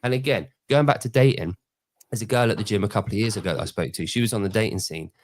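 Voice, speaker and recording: A man in his forties from Britain, hosting a casual podcast chat and telling stories with lively energy. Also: lowish voice, quick pace. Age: 40s. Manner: animated storyteller, mimics people in quoted voices. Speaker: podcast host.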